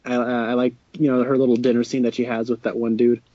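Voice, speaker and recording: A man's voice: mid-range voice, level tone, fast, no echo, lo-fi sound. A young man co-hosting a casual podcast chat, offhand and mildly sardonic. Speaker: podcast co-host.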